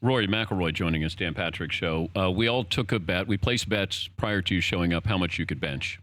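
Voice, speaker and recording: A man's voice: sits low, a little fast, fairly bright tone, dry recording. A middle-aged man hosting a talk show interview, jokey and teasing. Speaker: radio talk show host.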